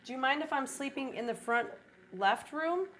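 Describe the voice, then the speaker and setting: A woman from Iowa, a paranormal investigator reacting excitably on a live ghost-hunting stream. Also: high-pitched, slight background noise, low-quality recording. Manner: excitable, quick reactions, exclamatory.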